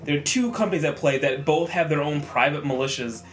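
A man's voice: a little high, a little fast, crowd noise. A man co-hosting a casual podcast, teasing the others with dry jokes. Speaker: podcast co-host.

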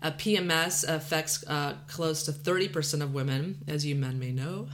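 A woman's voice: low voice, normal speed, slight background noise. A woman from Texas with a drawl and a Valley Girl lilt, hosting a podcast in a chatty, self-deprecating way and laughing often. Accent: Texan drawl mixed with Californian Valley Girl. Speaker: podcast host. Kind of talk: casual podcast chat.

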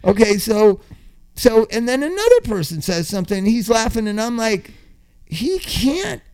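Animated, high-voiced older man telling stories. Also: normal speed, clear, resonant tone. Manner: animated storyteller, swears, laughs often, acts out yelling. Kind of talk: casual chat.

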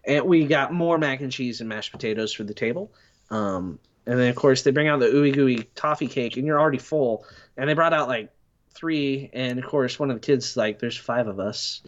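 A man's voice: mid-range voice, normal speed, lo-fi sound. A man telling rambling, self-deprecating stories in a casual podcast chat. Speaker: podcast guest.

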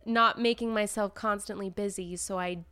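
A woman's voice: mid-range voice, fairly even intonation, moderate pace, sharp tone, clear, resonant tone. A young woman co-hosting a podcast, speaking candidly and reflectively about her own feelings. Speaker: podcast co-host. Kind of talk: casual podcast chat.

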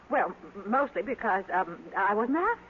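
A woman's voice: mid-range voice, sing-song, measured pace, muffled recording. An actress playing a poised, self-assured woman in a 1940s radio play, teasing in a dry way, on a scratchy old broadcast. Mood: wry. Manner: dry, gently teasing delivery. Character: poised, sure-of-herself career woman, teasing.

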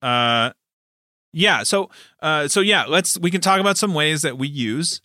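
A man's voice: fairly high pitch, animated, a little slow, pushed and bright, no room sound, studio quality. A man who runs tabletop games, chatting casually and rambling with lots of fillers. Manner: rambling, many fillers and restarts. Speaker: game master and podcast host. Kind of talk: casual chat.

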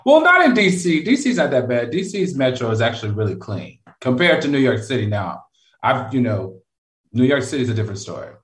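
A man's voice: medium pitch, sing-song, a little fast, fairly bright tone. A man, a brand strategist, chatting easygoing as co-host and laughing often. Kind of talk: casual chat. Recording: roomy, distant mic.

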